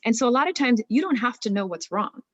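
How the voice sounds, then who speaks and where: A woman's voice: fairly high pitch, animated, quick pace, dry recording, highs cut off. A woman therapist giving an earnest talk on marriage, explaining with many rhetorical questions.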